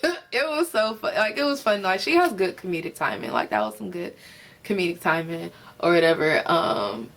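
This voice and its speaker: A woman with a slightly low-pitched voice talks through a reality show episode, sounding tired and loose. She rambles, leans on fillers, swears freely, and giggles as she goes. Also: expressive, moderate pace, a bit bright. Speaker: reality TV recapper. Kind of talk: casual unscripted episode review.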